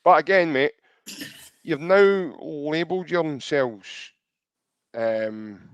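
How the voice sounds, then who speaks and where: A chatty Scottish man hosts a casual podcast, reading listener comments aloud and calling his co-host mate. His voice sits a little high. The recording is dry and a bit dull, like a lo-fi mic. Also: animated, takes it slowly, smooth, no echo.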